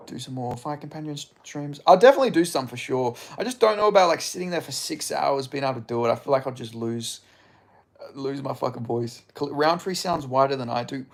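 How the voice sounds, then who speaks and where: A man's voice: mid-range voice, gravelly. A young Australian man streaming, chatting casually with viewers in a sweary, rambling way. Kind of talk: casual live-stream chat.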